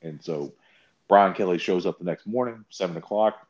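A man chatting casually, telling stories with lively mocking impressions and swearing. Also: moderate pace, highs cut off. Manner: animated storytelling, mocking quotes with big pitch jumps. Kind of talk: casual chat.

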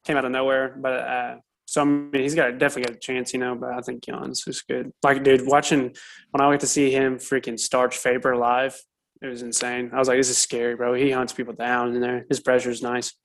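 A man's voice: medium pitch, completely flat delivery, a little fast, vocal fry. Laid-back rambling man chatting. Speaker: co-host. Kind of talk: casual podcast chat.

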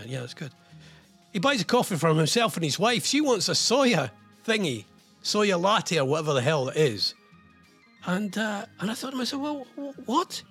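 A man's voice: fairly high pitch, fairly bright tone, slightly rough. An older man hosting a radio show, telling a rambling, self-mocking story in casual chat.

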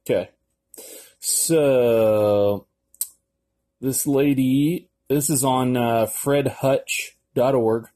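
A male podcast host talks through an article in a loose, rambling manner, full of fillers and the odd curse word. His voice sits at a middling pitch and sounds mellow and soft-edged. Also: fairly even intonation, very slow, long pauses. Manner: rambling and offhand, with frequent fillers and cursing. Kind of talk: casual solo podcast, reading an article aloud.

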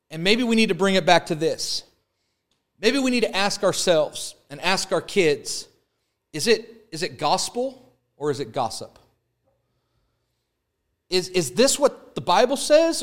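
A man preaching a sermon, building emphatic repeated lines and explaining an object lesson. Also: sits high. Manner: preaching with rising emphatic repetition; holds up an arrow as a prop. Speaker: pastor.

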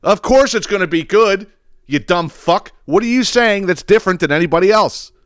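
A man's voice: high-pitched, animated, moderate pace, smooth, dry recording, studio quality. Profane, ranting man. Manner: profane, sarcastic ranting with mocking impressions. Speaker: podcast host. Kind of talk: ranting solo podcast monologue.

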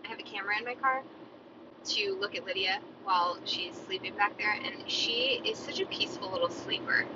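A woman's voice: medium pitch, brisk. A woman hosting a podcast alone, chatting casually and rambling to herself. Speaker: podcast host. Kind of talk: solo casual chat. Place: inside a moving car. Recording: muffled, with loud car road noise.

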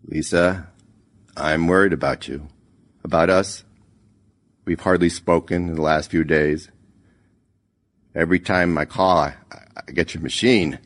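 A man voicing a steady but nervous man leaving a hesitant phone message. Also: low voice. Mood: tender worried. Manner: hesitant, halting.

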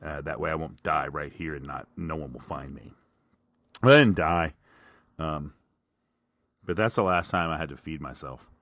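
Low-voiced rambling solo podcast host. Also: male voice, normal speed, pauses often, a bit bright, dry recording, studio quality. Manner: rambling, self-deprecating, stream of consciousness. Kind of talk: solo casual monologue.

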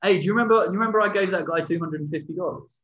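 A man's voice: high voice, racing, a bit bright. Joking stammering man, dull lo-fi sound. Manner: joking, stammering repeats, loose and profane. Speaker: podcast co-host. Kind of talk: casual chat and storytelling.

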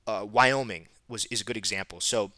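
Fast-talking chatty man host. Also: on the low side, dry recording. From Northeastern United States. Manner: quick, chatty, restarts and fillers, animated. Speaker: podcast host. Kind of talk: casual podcast conversation.

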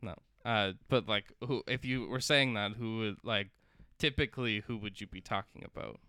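A man's voice: lowish voice, moderate pace, bright, forceful tone, clean tone, no room sound, clean studio sound. A young man co-hosting a podcast, chatting casually and hesitating with lots of fillers. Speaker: podcast co-host. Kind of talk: casual chat.

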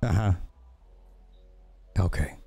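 Man, reaction host, blunt, profane, mellow tone. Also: slow, faint music behind. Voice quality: blunt, profane, jokey asides. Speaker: commentary host reacting to clips. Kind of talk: casual reaction commentary.

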